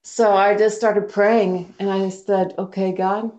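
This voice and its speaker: A woman's voice: medium pitch, little pitch movement, slow pace, darkish tone. A woman missionary sharing a personal testimony in an interview, telling her story earnestly and acting out the dialogue she quotes. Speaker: missionary guest.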